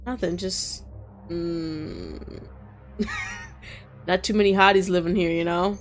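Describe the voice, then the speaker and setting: A woman at a mid-range pitch reads a romance game's dialogue aloud and breaks into loud, startled reactions. She mixes narration with her own commentary, and faint music plays behind her voice. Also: expressive, unhurried, pauses often. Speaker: gaming streamer. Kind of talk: reading a visual novel aloud with reactions.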